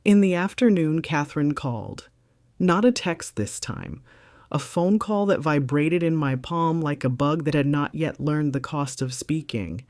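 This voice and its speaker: A woman's voice: sits low, lively intonation, unhurried, darkish tone, no room sound, studio quality. Composed, wry middle-aged woman narrator. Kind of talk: scripted first-person story narration.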